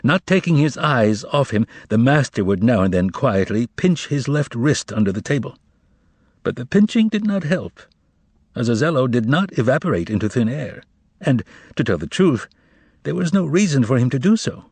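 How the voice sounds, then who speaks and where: A man reading a novel aloud as an audiobook narrator, with expressive, measured storytelling. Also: medium pitch, slightly rough, dry recording. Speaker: audiobook reader.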